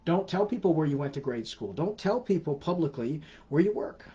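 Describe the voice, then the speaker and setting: A middle-aged man hosting a casual livestream Q&A, talking in a chatty, halting way and often restarting his sentences. His voice sits low and mellow, and the audio is slightly dull and lo-fi. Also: animated. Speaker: host of a scam-awareness livestream.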